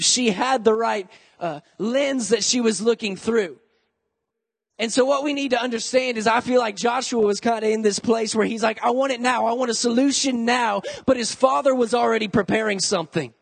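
A young adult man preaching a sermon to youth and college students in a lively, joking, conversational way. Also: sits high, gravelly, husky, long reverb tail. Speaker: youth pastor.

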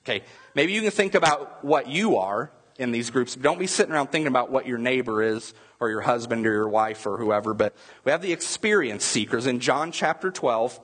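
Husky man preaching casually. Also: medium pitch, animated, a little fast, fairly bright tone. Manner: conversational preaching with acted-out crowd voices. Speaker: pastor. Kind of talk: sermon.

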